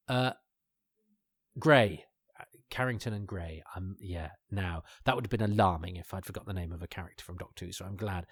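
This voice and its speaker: A man's voice: on the low side, dry recording, studio quality. A man talks through an old episode in a casual commentary, rambling with many restarts and fillers and chuckling asides. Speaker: podcast host.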